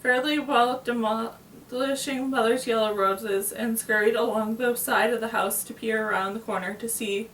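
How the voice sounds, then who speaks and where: A woman with a fairly high voice reads a novel aloud in a plain, steady, unhurried way, occasionally stumbling and restarting a word. She is seated far from the mic in an echoey room, and a faint hiss sits underneath.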